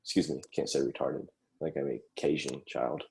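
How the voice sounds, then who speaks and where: A man's voice: extremely low pitch, steady tone, normal speed, gravelly, mellow, a little hiss or hum. A man co-hosting a podcast, trading crude jokes in casual chat. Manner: joking, crude banter. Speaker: podcast co-host.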